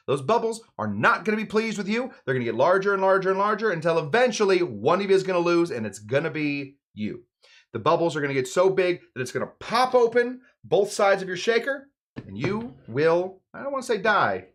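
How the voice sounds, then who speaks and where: A man hosts a live home-bar cocktail demonstration, joking his way through the recipe. His voice sits a little high for a man. He swings from loud, emphatic bits to quiet mumbled asides. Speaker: home bartender host. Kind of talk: jokey live cocktail demo.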